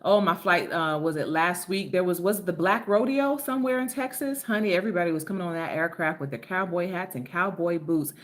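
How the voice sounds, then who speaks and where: A little fast and with hardly any pauses, a woman from Philadelphia runs a casual live stream in a voice on the low side. She chats effusively, welcomes viewers by name, and swears without holding back.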